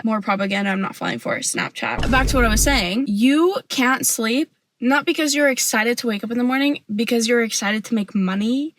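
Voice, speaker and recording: A young woman vlogger giving a sassy, animated opinion rant to camera, full of "like" fillers. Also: a little high, dry recording.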